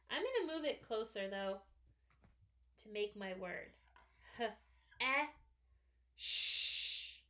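A woman teaching young children to sound out words, speaking very slowly with careful, drawn-out sounds. Her voice is bright and clear and sits a bit high. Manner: slow, careful, stretched-out sounds. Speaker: first grade teacher. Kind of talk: slow phonics lesson video.

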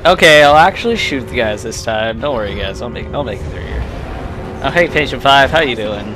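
A young man casually commenting while playing a game, tipsy from drinking and breaking into loud joking outbursts. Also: medium pitch, lively intonation, fairly quick. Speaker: gamer doing a let's play. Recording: game music playing behind.

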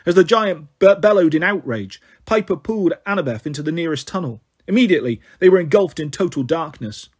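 Husky-voiced male storyteller. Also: fairly high pitch, fairly quick, few pauses. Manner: steady storytelling. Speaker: narrator. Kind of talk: audiobook reading.

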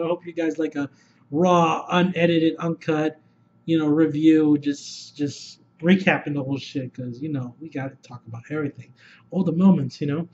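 Excitable, foul-mouthed man with a high voice. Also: highs cut off, a little hiss or hum. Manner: excitable, rambling, heavy swearing. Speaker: movie reviewer. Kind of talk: unscripted video review.

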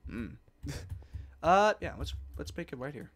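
A young man doing casual let's play commentary, talking to himself and swearing a lot, swinging from mumbles to loud outbursts. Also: mid-range voice, expressive, unhurried. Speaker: gamer.

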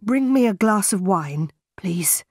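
A woman voicing a stern, brooding middle-aged gentleman in a read-aloud storybook, speaking low, grave and quiet. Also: expressive, takes it slowly, husky, no room sound, studio quality.

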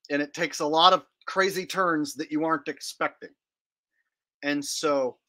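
Man, commentary host, slightly high, slow drawl, bright tone. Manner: drawling, teasing, addresses viewers. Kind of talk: commentary on clips.

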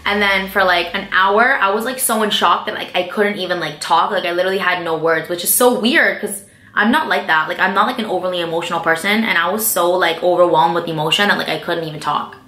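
Fast, bright-voiced chatty young woman. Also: on the low side. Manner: chatty, fills speech with "like" and "um". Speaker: beauty vlogger answering viewer questions. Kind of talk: casual chat. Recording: echoey room with faint music.

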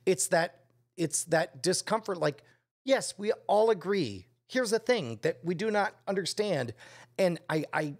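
A man's voice: sits high, animated, measured pace. A man in casual podcast chat, reasoning aloud through a run of examples. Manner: reflective, builds arguments with lists of examples.

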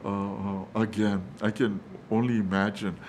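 A man's voice: lowish voice, flat delivery, moderate pace, a little hiss or hum. A male pastor preaching a sermon, hesitant, with many fillers and restarts, calling his listeners guys. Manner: quotes the angel in a hushed, reassuring voice.

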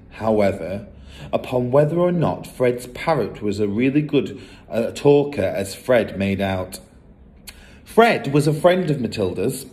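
Male storyteller, mid-pitched voice, animated children's book reading. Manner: expressive, lively storytelling.

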